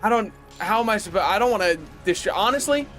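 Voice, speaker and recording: High-pitched young American male streamer, rambling casual chat with excitable outbursts, soft music underneath. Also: fast talker. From United States. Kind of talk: casual gaming livestream chat.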